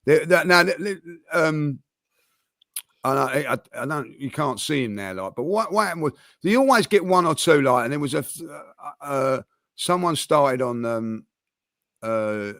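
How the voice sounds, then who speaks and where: A man's voice: on the high side, lively intonation, a little slow, a bit bright, dry recording, studio quality. A man chatting on a football panel, rambling with lots of fillers and restarts. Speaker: football fan pundit. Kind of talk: casual panel chat.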